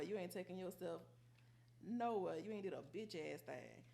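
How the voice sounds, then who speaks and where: A woman's voice: on the low side, moderate pace, creaky, a little mellow, slight background noise. Teasing, playful woman reading tarot. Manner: playful, teasing, blunt slang, laughs often. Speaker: tarot reader.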